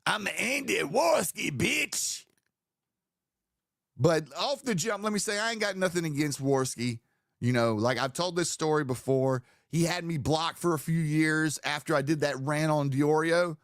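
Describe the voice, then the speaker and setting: A man's voice: fairly high pitch, moderate pace, no room sound, clean studio sound. A man hosting a live stream, talking in a casual, profane, rambling way as he sets up a commentary segment. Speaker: streamer host.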